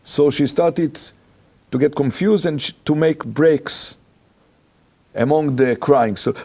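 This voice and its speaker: A man with an Israeli accent, a rabbi and interview guest, telling a personal anecdote in animated, halting, non-native English. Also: on the high side, vocal fry, husky.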